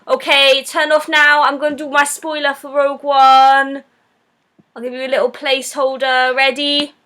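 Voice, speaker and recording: A woman's voice: sits high, little pitch movement, moderate pace, pushed and bright. A woman hosting a live stream, giving a blunt, sarcastic, casual film review.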